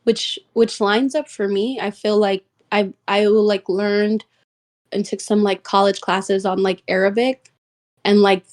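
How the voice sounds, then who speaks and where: A woman's voice: medium pitch, steady tone, measured pace. A woman in a book club discussion, sharing her thoughts casually with many fillers. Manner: casual, filler-heavy speech.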